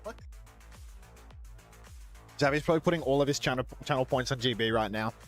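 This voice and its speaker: A man's voice: mid-range voice, brisk, soft background music. A man casting a co-stream, joking in casual chat with playfully boastful banter. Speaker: co-streaming esports caster.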